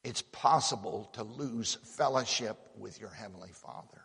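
A man's voice: lowish voice, normal speed, vocal fry, a bit bright, husky. A man preaching a sermon in a folksy, emphatic way, often repeating words as he builds a point. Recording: long hall reverb.

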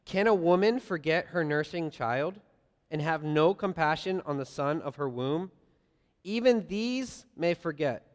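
A man preaching a sermon, earnest, swinging between loud emphasis and soft, quiet lines. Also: on the high side. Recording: long reverb of a large hall.

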